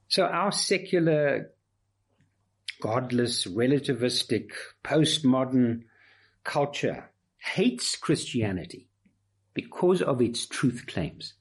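Emphatic preacher with a husky, lively voice. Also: male voice, medium pitch. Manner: emphatic, rhetorical repetition. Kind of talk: expository sermon.

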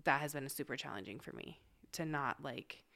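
A woman's voice: rumbling low, moderate pace, gravelly, bright, forceful tone. A woman who is a mother, talking candidly and chattily about her faith, full of casual fillers. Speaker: mother of a young child.

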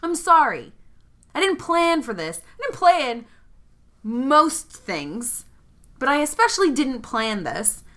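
A woman's voice: high voice, sing-song, takes it slowly, a bit bright, pitched above the performer's own voice, heavily acted. A woman voicing her young female character in a tabletop game, an earnest leader who apologizes and then confronts. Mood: remorseful.

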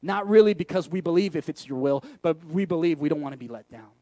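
A pastor with a high voice delivers his sermon in a conversational, self-deprecating way and leans on rhetorical questions. The sound is dry and close. He stays candid throughout. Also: lively intonation, fast, dark tone, dry recording.

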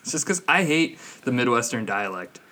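A man's voice: medium pitch, sing-song, moderate pace, pushed and bright, slight background noise. A man in his twenties co-hosting a podcast, chatting casually, swearing freely and mocking other people's speech. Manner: swears freely, mocks accents in put-on voices. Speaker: podcast co-host. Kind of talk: casual chat.

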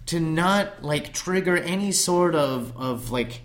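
A man's voice: on the high side, lively intonation, takes it slowly. A man in casual conversation, recounting a documentary in a rambling way and swearing casually.

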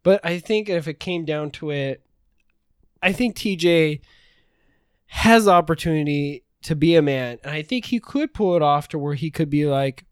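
A man talking on a podcast in a rambling, profane, teasing way. His voice sits a little high for a man. The sound is dry and close, with no room echo. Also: moderate pace, smooth. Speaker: podcast co-host. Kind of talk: casual chat.

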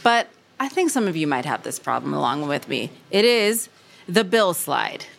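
A woman's voice: sits low, very animated, normal speed, creaky, fairly bright tone, slight background noise. A woman guest on a podcast chatting casually, loose and profane, full of "like" fillers. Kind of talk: casual chat.

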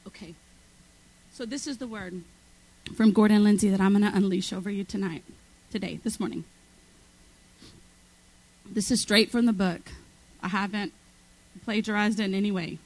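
A woman's voice: mid-range voice, steady tone, normal speed, pauses often, darkish tone, low-quality recording. A woman guest preacher delivering a sermon with passionate, emphatic repetition.

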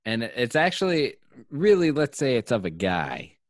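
A man's voice: mid-range voice, wildly swooping pitch, normal speed, no echo, clean studio sound. A man in casual chat, telling a rambling, profane story full of fillers.

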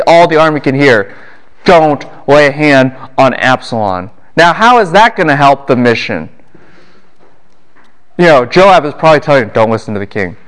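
Animated male lecturer asking questions. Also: on the high side. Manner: animated, rhetorical questions to the class. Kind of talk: classroom Bible lecture.

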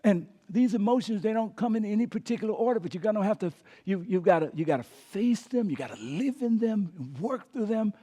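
A man preaching a sermon as pastor, calling on the congregation to repeat words, swinging between emphatic and hushed delivery. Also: sits high, expressive, a little fast, hardly any pauses. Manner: preaching with call-and-response prompts to the congregation.

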